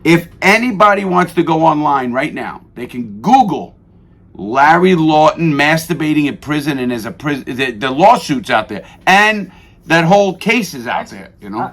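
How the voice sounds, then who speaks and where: A middle-aged man telling prison stories on a radio show, profane and animated, cursing freely. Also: a little high, normal speed. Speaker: guest. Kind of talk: radio interview storytelling.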